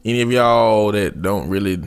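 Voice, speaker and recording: A man's voice: fairly low pitch, normal speed, clean tone. A man chatting casually in a blunt, opinionated way. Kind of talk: casual chat.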